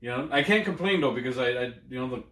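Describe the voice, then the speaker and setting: A man's voice: medium pitch, expressive, fast talker, fairly bright tone. A young man in casual podcast chat, joking crudely and laughing often. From Canada. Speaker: podcast co-host. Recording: roomy echo.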